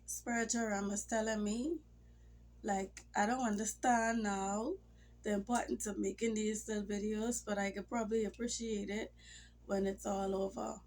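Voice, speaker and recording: Gravelly-voiced woman vlogging casually. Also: mid-range voice, flat delivery, moderate pace, a little mellow, slight background noise. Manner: rambling, emotional, drops into near-whispers. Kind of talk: casual talk to camera. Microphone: phone or camera mic.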